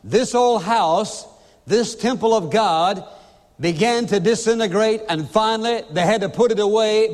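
A man's voice: high-pitched, moderate pace. A man preaching a sermon as a pastor, emphatic and full of rhetorical questions to his listeners. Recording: long reverb of a large hall.

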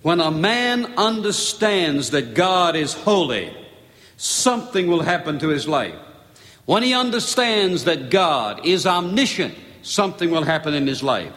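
A man delivers a sermon in a church sanctuary, with a voice set a little higher than most men's. He reads scripture in a slow, emphatic cadence. The long reverb of the hall hangs behind every phrase. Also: sing-song, a bit bright. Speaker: pastor.

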